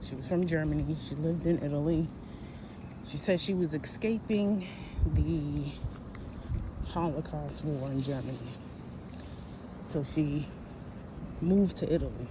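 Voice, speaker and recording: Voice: mid-range voice, measured pace, long pauses. A person in their forties chatting casually while out walking on a hot day, rambling and correcting themselves as they talk about history. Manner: rambling, conversational, self-correcting. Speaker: history vlogger. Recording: noisy outdoor phone recording.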